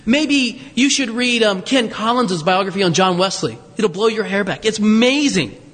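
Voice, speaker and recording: A man's voice: high voice, lively intonation, normal speed, a bit bright, long reverb tail. A man preaching a conversational sermon, teaching from scripture with joking asides to his congregation. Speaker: pastor.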